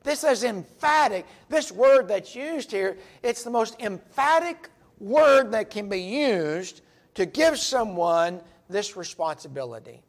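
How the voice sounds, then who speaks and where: A man teaching a Bible study, earnest and emphatic, stressing key words as he reads verses aloud. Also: sits high.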